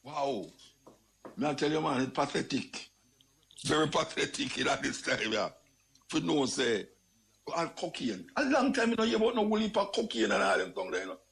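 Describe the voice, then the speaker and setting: An older man with a Jamaican accent talking in a casual, animated monologue, exclaiming and repeating his phrases. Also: a little high, moderate pace, vocal fry. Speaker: radio talk host.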